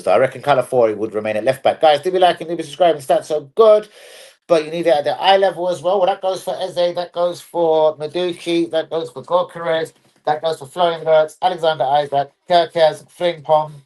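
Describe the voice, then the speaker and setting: A man's voice: fairly high pitch, steady tone, brisk, a little mellow. A man hosting a live football stream, chatting casually, bluntly and with a lot of swearing.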